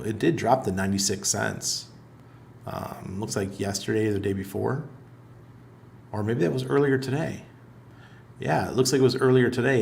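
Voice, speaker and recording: A man's voice: lowish voice, creaky, slight background noise. A middle-aged man hosting a casual livestream, reading viewer comments aloud in a loose, chatty way and laughing often. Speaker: livestream host. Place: apartment in Panama.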